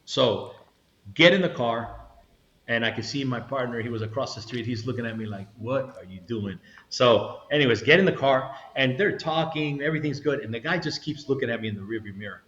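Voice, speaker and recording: A retired federal agent, a middle-aged man, tells a story as an interview guest, acting out quotes and frequently restarting his sentences. His voice is medium-pitched and fairly quick, and the recording sounds roomy and slightly dull.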